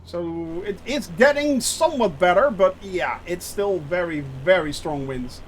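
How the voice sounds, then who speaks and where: A man with a notably high voice commentates his flight-simulator stream, talking to viewers in loose, filler-heavy sentences. He often restarts his phrases. Faint noise sits under the recording. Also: animated, unhurried. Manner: chatty, lots of fillers, reads chat aloud; nervous about landing. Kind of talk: live gameplay commentary.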